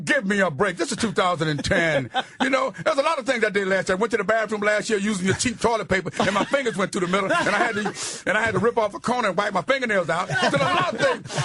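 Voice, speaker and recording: A man in his sixties, a guest on a talk radio show, speaking loudly, roughly and emphatically as he preaches his views. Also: high voice, dry recording. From United States. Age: 60s.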